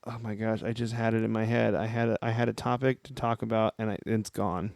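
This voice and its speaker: Joking young man with gravelly voice. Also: on the low side, level tone, fairly quick, darkish tone, dry recording, clean studio sound. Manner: joking, reads news stories aloud with asides. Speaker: podcast co-host. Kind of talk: casual chat.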